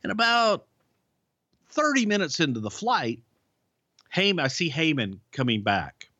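A man's voice: a little high, big pitch swings, a little slow, pushed and bright, breathy edge, no echo. A man co-hosting a podcast, telling rambling, profane stories about life on the road, full of restarts. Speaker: podcast co-host, former wrestling writer. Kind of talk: casual storytelling. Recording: dull, lo-fi podcast audio.

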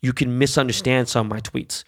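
A man's voice: medium pitch, steady tone, brisk. A man hosting a podcast, ranting angrily and bluntly with heavy swearing and constant "okay?" and "right?" tag questions. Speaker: podcast host. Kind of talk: profane political rant.

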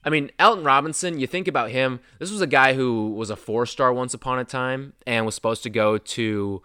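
A young man hosting a casual sports talk show, animated and excitable, his voice jumping up when he gets worked up. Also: mid-range voice, brisk, clear, resonant tone, dry recording, clean studio sound.

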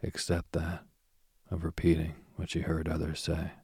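Very deep, husky, slow sleep-story man. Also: completely flat delivery, a little mellow, dry recording. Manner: slow, soothing, drifting into whispers. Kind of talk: bedtime story reading.

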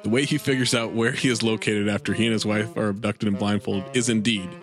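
A man's voice: fairly low pitch, steady tone, a little fast, over music. A man co-hosting a casual movie review podcast, reading out a review and joking with friends. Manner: reads review aloud, swears, jokes. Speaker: podcast co-host.

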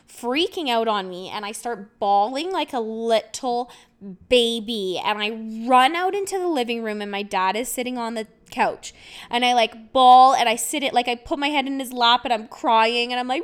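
A woman's voice: fairly high pitch, moderate pace, clear, resonant tone. A woman hosting a podcast, telling a personal story in a rambling, casual way with lots of fillers and laughter. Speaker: podcast host.

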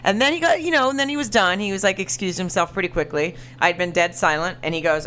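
A woman in her thirties, co-hosting a podcast, telling a story in a casual chat. She laughs a lot and jumps up high when she quotes people. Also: brisk, few pauses, a bit bright, slight background noise. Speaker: podcast co-host.

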